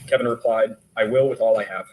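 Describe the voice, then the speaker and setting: A man's voice: fairly low pitch, steady tone, fast, a little mellow, slight background noise, poor audio. A male detective testifying in court, steadily reading text messages aloud. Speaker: detective witness.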